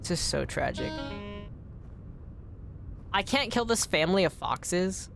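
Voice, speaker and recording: A woman's voice: very animated, gravelly, music in the background. A woman streaming a video game, chatting to viewers and swearing when she misses. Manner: swears often, quick to frustration; pitch jumps high when annoyed. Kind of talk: live gameplay commentary.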